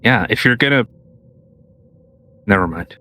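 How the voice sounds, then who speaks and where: A man co-hosting a casual podcast, tossing in deadpan dark jokes. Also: lowish voice, unhurried. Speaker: podcast co-host.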